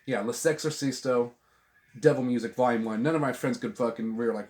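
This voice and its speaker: A man's voice: medium pitch, moderate pace, darkish tone. A middle-aged man talks about records at home in a loose, rambling way. He swears freely and keeps breaking off and restarting his sentences. The sound comes from a camera mic on a tripod. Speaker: vinyl channel host. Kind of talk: casual chat about albums. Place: at home with a dog.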